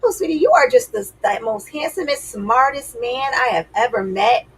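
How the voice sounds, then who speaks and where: A doting mother showers her husband with gushing praise, her voice lifted high and sing-song as a woman puts her on. Underneath the sweetness there is a gravelly, husky grain. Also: very animated, moderate pace, fairly bright tone, distant mic, heavily acted, low-quality recording. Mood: cooing.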